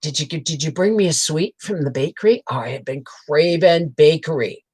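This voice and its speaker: A woman's voice: low-pitched, moderate pace, a little mellow, breathy edge. A woman telling rambling, frank family stories on a casual livestream, greeting viewers and reading their comments between tales. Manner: rambling and frank, peppered with swears and laughter. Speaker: homestead channel host on a livestream.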